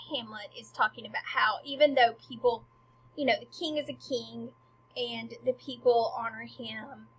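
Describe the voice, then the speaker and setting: Husky woman casually explaining a play. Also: fairly high pitch. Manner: paraphrases in casual modern slang, often drops to a near whisper. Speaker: literature explainer. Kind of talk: casual spoken study guide. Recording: dull lo-fi recording.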